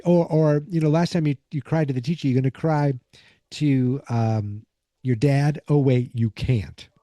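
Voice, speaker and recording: A man's voice: mid-range voice, measured pace, mellow, dry recording, close to an everyday voice. A man putting on the voice of a mocking teenage girl bully in a taunting, sing-song way.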